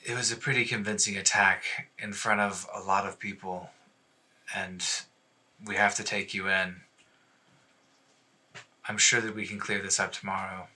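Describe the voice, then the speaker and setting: Man as a quiet, apologetic city guard in a tabletop game, crisp bright tone. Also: low voice, flat delivery, moderate pace, long pauses, recorded from a distance, heavily acted. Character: calm, sympathetic city guard officer.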